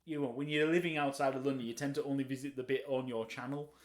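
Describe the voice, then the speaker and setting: A man's voice: medium pitch, fast. A middle-aged man co-hosting a casual podcast chat, telling stories animatedly and acting out the voices of people he quotes. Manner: animated storyteller who acts out quoted conversations. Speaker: podcast co-host.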